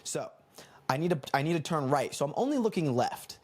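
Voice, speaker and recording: A young man from the United States hosting a comedy podcast, telling a rambling, animated story and correcting himself as he goes. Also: on the high side, fairly quick. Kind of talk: casual storytelling monologue.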